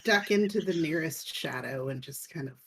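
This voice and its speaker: A woman's voice: low voice, lively intonation, moderate pace, slight background noise, poor audio. A woman playing in a tabletop game, teasing the others in a wry, casual way. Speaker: player.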